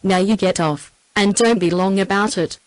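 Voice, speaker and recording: A woman's voice: mid-range voice, normal speed, no room sound, lightly acted, low-quality recording. Snappish little old factory boss, read by a woman's synthetic voice. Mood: snapping. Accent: Australian. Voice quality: flat synthetic delivery. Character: stout little old male employer, sharp and snappish.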